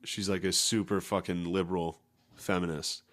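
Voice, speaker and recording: Podcast dude with a lowish voice, swears constantly, crude casual chat. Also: male voice, level tone, normal speed, a bit bright. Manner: profane, laughing, mocks others in shrill voices. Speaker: podcast co-host.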